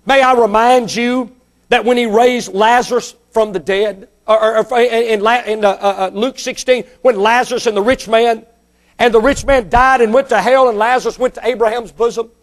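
A man preaching a sermon who speaks straight to his listeners, repeats phrases for emphasis and builds to shouts on key points. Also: very high voice, fairly even intonation, normal speed.

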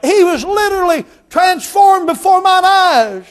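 A man preaching a storytelling sermon, swinging between emphatic shouts and hushed tones. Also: very high-pitched, lively intonation, unhurried. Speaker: pastor.

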